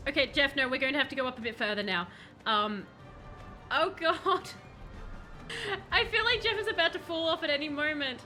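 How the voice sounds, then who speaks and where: A woman streaming a video game, chatting excitedly and talking to the characters on screen. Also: sits high, normal speed, pauses often, faint music behind. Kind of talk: live gameplay commentary.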